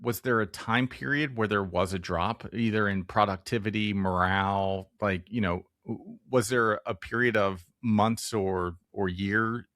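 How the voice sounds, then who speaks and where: A man's voice: fairly low pitch, measured pace, hardly any pauses, fairly bright tone, no room sound, studio quality. A young man hosting a podcast, asking long, rambling interview questions full of fillers like "like" and "um". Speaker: podcast host.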